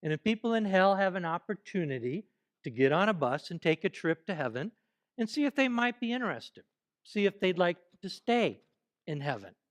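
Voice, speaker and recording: A man with a high voice delivers a church sermon in a lively, playful way. He coaxes the congregation into joining short spoken exercises and keeps his preaching conversational rather than formal. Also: normal speed. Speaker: pastor. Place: church service.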